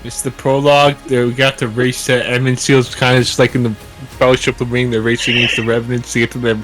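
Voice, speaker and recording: A man on a casual podcast book chat, eagerly correcting friends and rushing through his plot theories. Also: medium pitch, little pitch movement, music in the background, low-quality recording. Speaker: podcast co-host.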